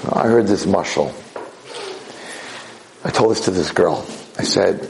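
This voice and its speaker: A man giving a Torah lecture, telling a parable in an animated way. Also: low-pitched, unhurried, vocal fry, pauses often, slight background noise, poor audio. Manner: animated, acts out voices. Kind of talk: sermon storytelling.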